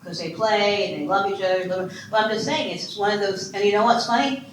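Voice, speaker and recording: A fairly quick, mid-range voice belongs to a woman in her sixties from Ohio giving a lively keynote on adoption in a conference hall. Chatty and self-deprecating as a foster care and adoption speaker, she quizzes her audience, with the room echoing and faint noise behind her.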